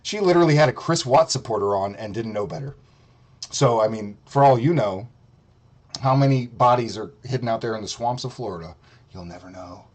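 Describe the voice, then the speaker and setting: A man's voice: medium pitch, brisk, a little mellow. A man streaming a profane, mocking rant, heated and sarcastic. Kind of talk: ranting commentary.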